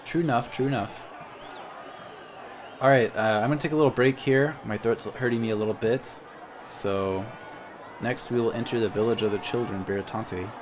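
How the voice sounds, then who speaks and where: A man's voice: mid-range voice, fairly even intonation, moderate pace, pauses often, a faint crowd, slight background noise. A man playing a text game, reading its story aloud and adding casual comments in between. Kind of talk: let's-play narration and commentary.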